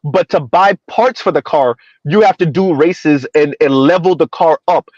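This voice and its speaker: A man's voice: a little high, moderate pace, a little mellow, no room sound. Rambling male podcast host, dry lo-fi sound. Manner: rambling, restarts often. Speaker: show host. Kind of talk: casual panel chat. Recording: dull dry lo-fi audio.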